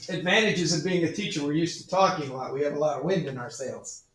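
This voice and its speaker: A male chemistry teacher running a classroom demonstration, joking with students, repeating "all right" and calling the class ladies and gentlemen. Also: a little high. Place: school classroom. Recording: echoey classroom from far off.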